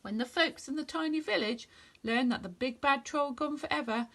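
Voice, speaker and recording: A woman reading a children's story aloud in a gentle, expressive way. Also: high-pitched, normal speed.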